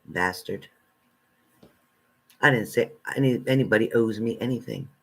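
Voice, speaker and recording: A man hosting a live stream as a spiritual reader, reading out viewer comments and answering them bluntly, swinging between loud outbursts and low muttered asides. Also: normal speed. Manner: blunt and confrontational, talking back to commenters.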